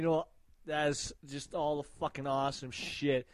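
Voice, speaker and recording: A man giving casual, profane hype shout-outs in a swaggering way, breaking into loud shouted names. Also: on the high side, fairly even intonation, measured pace, no echo, low-quality recording.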